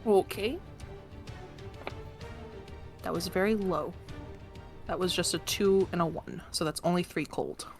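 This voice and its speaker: A woman's voice: fairly low pitch, unhurried, pauses often, soft background music. A woman player in a tabletop game, chatty and full of likes and restarts. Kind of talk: casual tabletop play.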